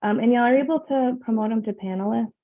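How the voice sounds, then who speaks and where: Woman meeting chair with some vocal fry, measured and filler-heavy, heard over a tinny video-call line. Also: on the high side.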